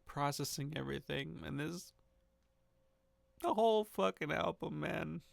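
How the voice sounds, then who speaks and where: A man with a fairly high, gravelly voice talks slowly and haltingly about his own music, breaking into nervous laughs between thoughts. The sound is close and dry, with no room around it. His delivery is casual and reflective, loose enough for the odd swear. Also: dry recording. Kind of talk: casual spoken commentary.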